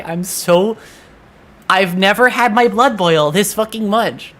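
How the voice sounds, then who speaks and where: A man chatting on a game stream with a slightly high, bright and edgy voice. He sounds exasperated, swears freely and keeps restarting his sentences as he vents. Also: slow. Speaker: VTuber streamer. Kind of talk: casual gaming stream chat.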